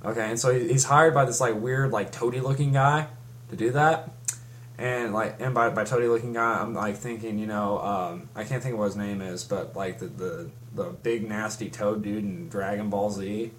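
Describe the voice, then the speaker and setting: A man's voice: lowish voice, steady tone, moderate pace, slight background noise. A young man in casual chat, rambling through a story with many restarts and fillers. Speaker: fan recapping a comic.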